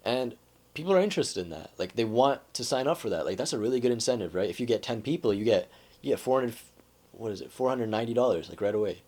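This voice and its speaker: A man's voice: medium pitch, animated, quick pace, darkish tone. A man talking casually to camera and explaining persuasion ideas. He keeps checking in with "right?" and fills his talk with "like.". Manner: conversational, says "right?" and "like" often. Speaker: self-help vlogger.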